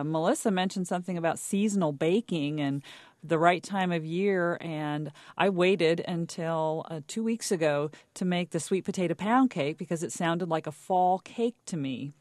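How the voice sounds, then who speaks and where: A woman's voice: lowish voice, moderate pace, a little mellow, dry recording. A woman hosting a public radio pledge drive, earnestly asking listeners to give. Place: radio studio. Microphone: studio mic.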